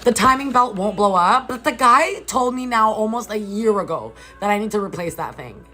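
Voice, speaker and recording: Chatty, bright-voiced young woman. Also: mid-range voice, normal speed, soft background music, poor audio. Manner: chatty and animated, swears often, reads out chat questions. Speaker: vlogger chatting with livestream viewers. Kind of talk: casual chat. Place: hotel room.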